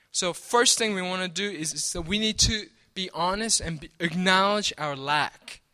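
High, bright-voiced male preacher. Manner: repeats "right?" often, restarts and stammers. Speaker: pastor. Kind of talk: sermon.

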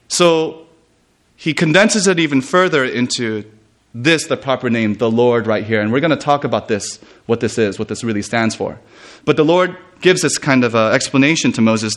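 A man preaching a retreat sermon, reading scripture and explaining it in an animated way, often laughing and restarting his sentences. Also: medium pitch, moderate pace.

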